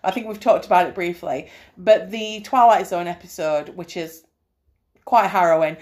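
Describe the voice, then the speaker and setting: A woman's voice: fairly low pitch, normal speed, darkish tone. A woman co-hosting a casual film review podcast, enthusiastic, laughing often and swearing freely. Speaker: podcast co-host.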